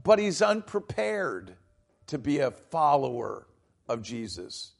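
A man's voice: mid-range voice, very animated, slow, creaky, soft background music. A man preaching a sermon as pastor, explaining scripture with emphatic, dramatized quotes.

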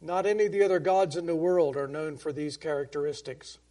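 A man preaching a Bible-study sermon, talking conversationally with restarts and questions to the congregation, and reading scripture slowly and with emphasis. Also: on the high side, warm tone. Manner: reads King James scripture slowly and emphatically.

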